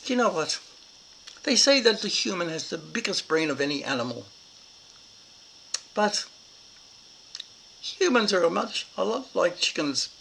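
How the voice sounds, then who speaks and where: A man's voice: sits high, very animated, unhurried, vocal fry, pauses often, sharp tone, a little hiss or hum, poor audio. An older man with an Irish Australian accent telling a childhood story in a rambling, reflective way. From Ireland and Australia. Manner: rambling and reflective, with many fillers.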